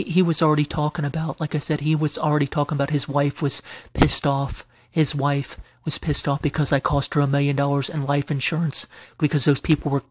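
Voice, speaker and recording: Over background noise, a vlogger with a slightly high male voice airs his grievances in a rambling late-night rant. He repeats himself, starts over often, and flares into angry swearing.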